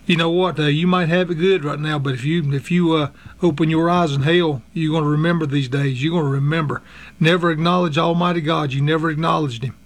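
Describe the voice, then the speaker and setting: A man preaching a sermon, earnest and halting, with frequent fillers, reading scripture aloud in old-fashioned wording. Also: fairly high pitch, fairly even intonation. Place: radio broadcast.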